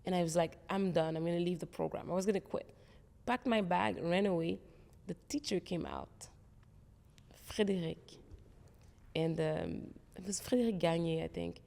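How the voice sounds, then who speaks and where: Woman guest, gravelly, mellow tone, reverberant room; earnest career storyteller. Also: fairly low pitch, expressive, moderate pace. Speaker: guest, tech executive. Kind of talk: interview conversation.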